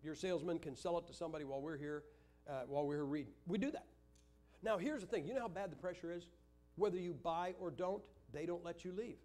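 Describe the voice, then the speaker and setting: A man's voice: fairly high pitch, fast, a little mellow. An older man preaching in a church, teaching Sunday school with joking stories. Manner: joking, anecdotal storytelling.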